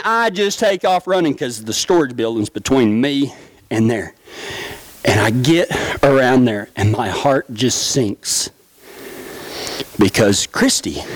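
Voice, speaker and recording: Animated, high-voiced man telling stories. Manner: folksy, animated, laughs often. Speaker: stage speaker. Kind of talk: humorous storytelling talk.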